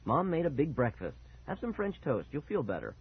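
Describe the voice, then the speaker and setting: A man voicing a calm, patient father who speaks low and even, with a husky voice. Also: moderate pace, exaggerated voice. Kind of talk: audiobook character voice. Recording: tinny phone-like sound.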